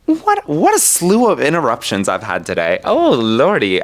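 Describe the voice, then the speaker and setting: A man's voice: fairly high pitch, wildly swooping pitch, normal speed, hardly any pauses. A young man hosting a solo podcast from a room at home, theatrical and self-mocking, swearing freely. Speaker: podcast host. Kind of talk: solo podcast chat about poetry.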